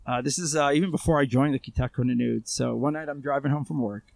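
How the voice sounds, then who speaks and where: A man with a gravelly, creaky voice tells his story as an interview guest. His talk is loose and conversational, full of fillers and restarts, and he sounds close and dry. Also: mid-range voice, quick pace, a little mellow, no echo. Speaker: guest, armed civilian responder. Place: Israel.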